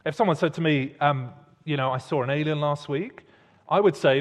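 A man preaching a sermon in a church hall, expressive and pausing for emphasis. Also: a little high. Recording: long reverb of a large hall.

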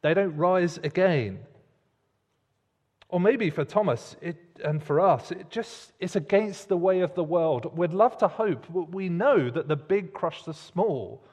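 A man preaching a sermon in a church hall, expressive and pausing for emphasis. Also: sits high. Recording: long reverb of a large hall.

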